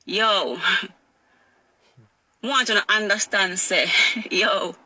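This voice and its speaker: A woman's voice: medium pitch, drawn-out words, sharp tone, no room sound. A middle-aged woman with a Jamaican accent, telling her own painful story in a raw, emotional way and repeating her phrases. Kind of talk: emotional personal testimony.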